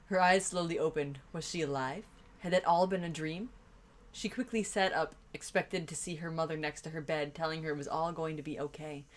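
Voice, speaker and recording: A woman's voice: deep voice, steady tone, brisk. A woman co-hosting a fanfiction reading, teasing the story with laughing commentary. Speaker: co-host.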